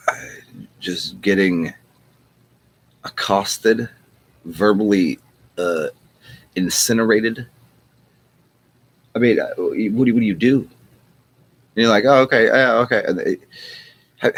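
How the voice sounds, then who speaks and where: A man with a very low, husky voice rambles through a wry monologue. He swears freely and keeps restarting his sentences. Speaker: channel host.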